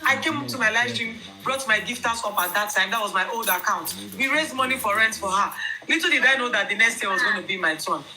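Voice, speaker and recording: A young Nigerian woman with a Nigerian accent telling viewers her own story in an emphatic, animated way. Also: fairly high pitch, brisk, a little hiss or hum, poor audio. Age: young adult.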